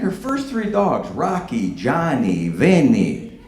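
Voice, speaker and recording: A man doing a stand-up comedy set in a brash, profane way, with animated bursts. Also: mid-range voice, normal speed. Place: comedy stage before a live audience. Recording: echoey room with loud background noise.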